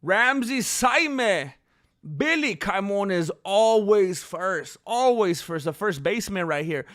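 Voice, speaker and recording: A man's voice: sits high, lively intonation, unhurried. A man hosting a casual livestream, joking around and reading out names from the chat. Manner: playful, joking, reads chat names aloud. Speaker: livestream host.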